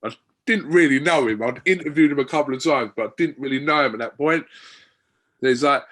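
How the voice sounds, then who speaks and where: A man's voice: mid-range voice, fairly quick. A man, a podcast guest, chatting casually and telling stories with lots of fillers. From Wickford, England. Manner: relaxed storytelling, many fillers. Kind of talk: casual interview chat.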